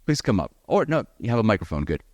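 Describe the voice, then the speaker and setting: Upbeat low-voiced male teacher. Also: quick pace, no room sound. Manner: lively, encouraging, addresses the audience directly. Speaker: IELTS speaking teacher. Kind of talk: live seminar talk to an audience. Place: event hall with audience.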